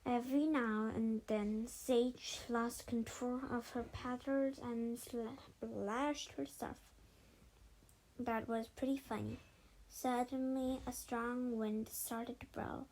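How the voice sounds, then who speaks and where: A woman with a fairly high voice reads a children's storybook aloud. Her narration is expressive and lively, with the odd stumble and restart left in. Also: takes it slowly, poor audio. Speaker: storybook reader.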